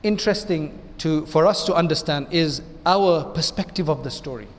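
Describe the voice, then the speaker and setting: A man's voice: a little high, normal speed. Man giving an Islamic lecture in a reverberant hall. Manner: conversational, asks the audience rhetorical questions. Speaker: imam.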